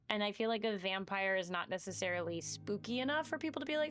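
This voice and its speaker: A woman's voice: mid-range voice, fast, hardly any pauses, fairly bright tone. A young woman streaming a game, chatting playfully and rambling with lots of fillers. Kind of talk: casual gameplay commentary.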